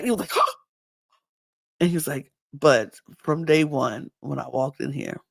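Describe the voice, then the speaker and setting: A woman's voice: deep voice, a little slow, gravelly, dry recording. A woman hosting a casual podcast, animatedly retelling a reality show episode and acting out the cast's lines. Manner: animated retelling, acting out cast members' quotes. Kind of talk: casual recap chat.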